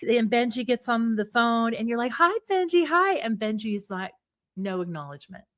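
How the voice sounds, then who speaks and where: A middle-aged woman psychologist, a guest on an interview show, explaining ideas in a lively way and acting out small examples. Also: a little high, normal speed. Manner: animated, acts out little voices and examples.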